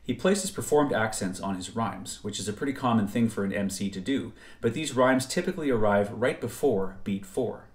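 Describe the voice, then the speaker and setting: Male lecturer, measured scripted narration, deeper voice, roomy reverb. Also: expressive. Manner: measured, precise explanatory delivery. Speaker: music theory lecturer. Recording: roomy echo.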